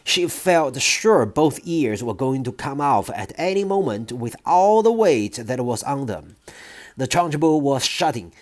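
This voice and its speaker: A reader narrates a children's book at an unhurried pace. The voice moves freely up and down, giving the story plenty of color. It is an expressive storytelling read. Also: medium pitch. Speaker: audiobook reader.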